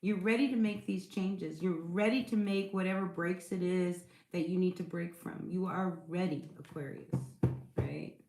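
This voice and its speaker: A woman's voice: lowish voice, fairly even intonation, normal speed, darkish tone, echoey room. A woman giving a casual tarot reading to her viewers, chatty and reassuring, often checking in with "all right?" and "you know". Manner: chatty, reassuring, with many fillers and rhetorical check-ins. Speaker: tarot reader.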